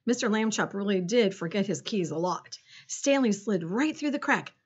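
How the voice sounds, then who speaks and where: A woman reading a children's storybook aloud in an expressive way. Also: mid-range voice, moderate pace, husky. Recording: dull lo-fi recording.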